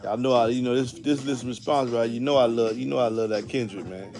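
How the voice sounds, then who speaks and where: A middle-aged man, chatting on a livestream in a loud, slangy, excitable way. His voice sits at an ordinary middle pitch and he breaks into laughter easily. Faint music plays behind him. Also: a little fast. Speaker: host of a car audio livestream. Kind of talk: casual livestream chat.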